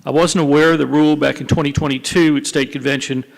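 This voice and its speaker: Man, gravelly voice, formal committee testimony, rule-citing, reverberant hall. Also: a little high, fairly even intonation, fast. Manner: formal, cites rules. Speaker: convention delegate testifying. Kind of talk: public testimony at a committee hearing. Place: large convention hall. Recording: echoey large convention hall.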